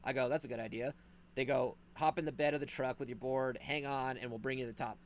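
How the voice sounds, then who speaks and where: A man telling a story in casual podcast chat, animated and profane, acting out the people in it. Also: mid-range voice, fast. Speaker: podcast host.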